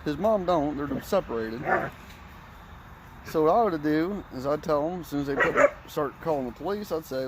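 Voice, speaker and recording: A man's voice: a little high, normal speed, heavy background noise. A man casually telling rambling family stories, swearing freely and slipping into other people's voices as he goes. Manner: rambling, profane, animated retelling. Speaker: storyteller. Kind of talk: casual storytelling.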